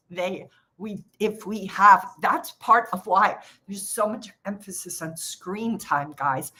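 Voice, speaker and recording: A woman's voice: medium pitch, sharp tone. Chatty laughing woman coach. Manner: chatty, laughs often, acts out quoted voices. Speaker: trading coach hosting a live session. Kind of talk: casual live-stream chat. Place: home office.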